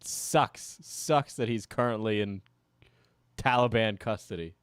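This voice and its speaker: A man's voice: lowish voice, slow, clear, resonant tone, no echo, studio quality. A man streaming and reacting to a video, chuckling and rambling through casual asides.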